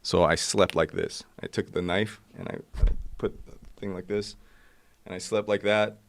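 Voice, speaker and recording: Low gravelly man telling a story. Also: normal speed, dry recording. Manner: profane, animated retelling with acted quotes. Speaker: podcast guest. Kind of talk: casual storytelling. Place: podcast studio.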